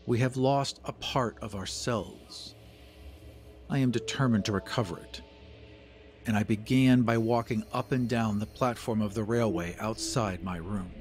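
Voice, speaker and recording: A man voicing an earnest young man who defies the machine, speaking low, deliberate and grave in an audio drama over music. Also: darkish tone, lightly acted.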